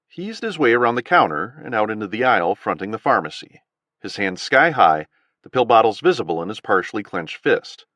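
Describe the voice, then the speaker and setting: A man narrating an audiobook thriller with an expressive, dramatic reading. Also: fairly low pitch, fairly quick, dry recording. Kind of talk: scripted narration.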